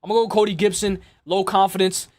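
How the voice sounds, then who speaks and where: High-voiced young man rambling about fights. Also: fast. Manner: rambling, excitable, swears often, repeats himself. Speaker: MMA podcast host. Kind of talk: casual fight-prediction chat.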